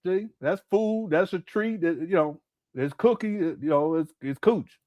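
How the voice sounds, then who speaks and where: Man, slightly high voice, dry close sound; casual, laughing stream commentator. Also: lively intonation, normal speed, no room sound, lo-fi sound. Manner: laughs often, mocking asides.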